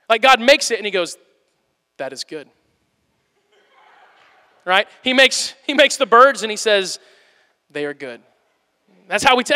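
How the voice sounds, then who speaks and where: A man preaching a conversational sermon to a live audience, animated and plain-spoken. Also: very high-pitched. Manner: animated, plain-spoken, playfully acts out quotes. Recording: long hall reverb.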